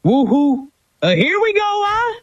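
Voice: very high voice, sing-song, unhurried, dry recording, muffled recording, full character voice. An AI voice clone doing a cartoon man with a put-on accent. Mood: cheery.

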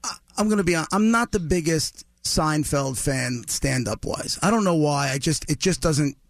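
A man's voice: a little high, normal speed, dry recording. A man co-hosting a morning radio show, chatty and enthusiastic, stumbling over restarts. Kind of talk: casual radio chat.

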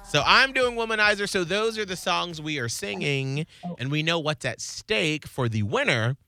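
A man hosting a morning radio show, with a bright voice that swings lively up and down. He chats in teasing banter with co-hosts and callers and laughs a lot. Faint music plays underneath. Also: on the high side, moderate pace, gravelly.

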